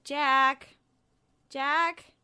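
A woman's voice: sits high, fairly even intonation, very slow, bright, forceful tone. A woman co-hosting a radio drama show, acting in a comic sketch with dry, teasing delivery.

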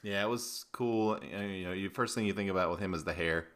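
A man hosting a casual sports podcast, reading sponsor spots and chatting with relaxed, easy banter. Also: sits low, a little fast. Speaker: podcast host.

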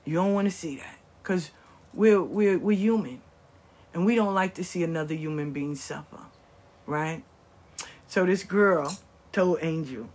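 Husky woman storyteller, profane and animated, loud one moment and murmuring the next. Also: a little slow, pauses often. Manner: profane, animated, swings between loud bursts and low murmurs. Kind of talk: storytelling talk.

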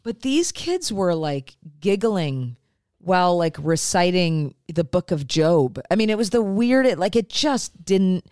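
A woman's voice: lowish voice, very animated, unhurried, a little mellow, no room sound, clean studio sound. A woman co-hosting a podcast, chatting casually and bluntly, swearing freely. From California. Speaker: podcast co-host. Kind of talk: casual chat.

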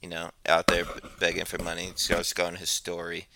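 A man's voice: sits low, completely flat delivery, normal speed, gravelly, sharp tone, slight background noise. A man telling a long story in a rambling, laid-back, profane way, as a podcast co-host. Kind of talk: casual storytelling. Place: New York.

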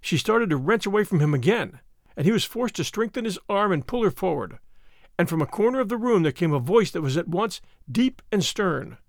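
A man narrating a storybook adventure in an expressive, scripted reading. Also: high voice, a little fast, no echo, studio quality. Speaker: audiobook narrator.

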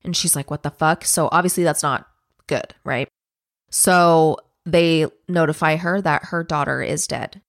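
A young woman with a lower-pitched, gravelly voice tells her co-host a true crime story, relaxed, chatty and swearing a lot. She breaks into quick acted-out quotes from the people involved. The recording is dry and close, with no room sound.

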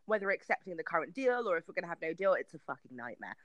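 A British woman in her thirties, a podcast guest, chatting in an animated, laughing way with salty banter. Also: lowish voice, racing, crowd noise. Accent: British English. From Britain. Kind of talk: casual podcast chat.

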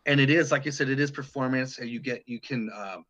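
On a muffled recording, a Detroit man in middle age chats casually about his life as a touring guitarist. He talks briskly in a mid-range, slightly bright voice, wandering off track, restarting often and swearing now and then.

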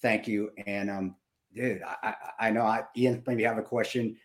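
A man in his fifties co-hosting a podcast, talking emotionally and haltingly with many restarts. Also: lowish voice, fairly even intonation. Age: 50s. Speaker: podcast co-host. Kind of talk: casual podcast chat.

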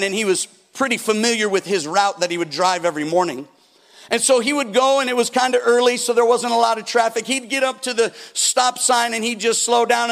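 A pastor preaches a sermon in a church hall, his voice high-pitched and fairly bright with some vocal fry. He tells stories and acts out the people in them, swinging big between quotes. The recording carries a long hall reverb.

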